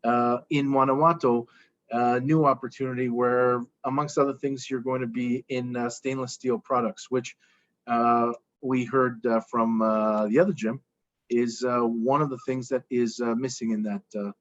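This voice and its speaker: Halting man moderating a webinar. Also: medium pitch, flat delivery, dry recording. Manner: halting, many uh pauses. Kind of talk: introducing speakers in a webinar. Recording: dull, dry online audio.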